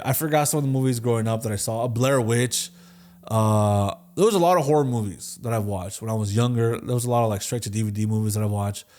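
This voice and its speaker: A man in his twenties talks through a story on a podcast, loose and casual, with swearing, "like" and false starts. He slips into quick imitations of the other people in his stories. Faint music plays underneath. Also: mid-range voice, darkish tone. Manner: loose and profane, full of fillers and restarts. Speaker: podcast co-host answering listener questions.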